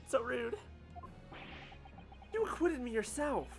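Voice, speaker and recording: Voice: mid-range voice, big pitch swings, measured pace, faint music behind, voice pushed up. A streamer voicing an earnest young male defense lawyer, with emphatic, indignant outbursts, while reading a game's dialogue. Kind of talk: voicing game characters on a livestream.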